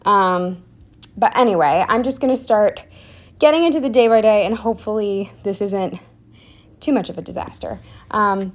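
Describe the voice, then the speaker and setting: A woman's voice: mid-range voice, normal speed. A young woman narrating a planner video in a casual, rambling way, with fillers, restarts and self-deprecating asides, a bit out of breath. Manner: drops to a whisper for asides. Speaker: planner vlogger. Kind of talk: casual voiceover.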